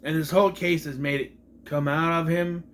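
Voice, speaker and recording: A man's voice: on the high side, fairly even intonation, moderate pace, slight background noise. A man giving a casual, opinionated movie review, ranting with sarcastic and exasperated asides.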